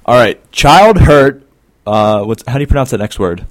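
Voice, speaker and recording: A man's voice: mid-range voice, animated, moderate pace. Man, co-host, stammers, hesitant, rambling jokes, casual chat.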